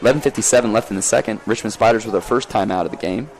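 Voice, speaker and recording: A man giving live play-by-play commentary on a lacrosse game outdoors, folksy and energetic as he calls the action. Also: on the low side, rapid-fire, crowd noise.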